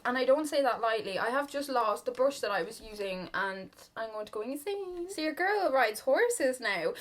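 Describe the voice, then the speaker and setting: A woman's voice: on the high side, a bit bright. A young Irish woman in her twenties chatting rambly and confiding while she does her makeup at home, full of "like" and "kinda". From Ireland. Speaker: beauty vlogger. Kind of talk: chatty get-ready-with-me talk.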